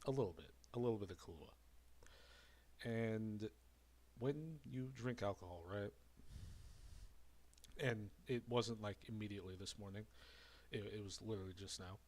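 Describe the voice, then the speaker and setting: A man with a fairly low voice runs a loose commentary rant. He rambles and circles back over the same words. He sounds a little breathless, having just had a drink. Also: moderate pace, pauses often, darkish tone, a little hiss or hum. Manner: rambling and repetitive. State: slightly out of breath after drinking. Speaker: commentary streamer. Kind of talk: casual ranting commentary.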